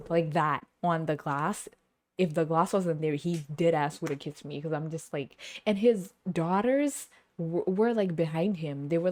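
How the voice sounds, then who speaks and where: A woman's voice: lowish voice, darkish tone, no room sound. A young woman hosting her own podcast, telling stories in a casual, chatty way, laughing often and acting out other people's lines. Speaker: podcast host. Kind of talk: casual storytelling monologue. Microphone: camera on the speaker.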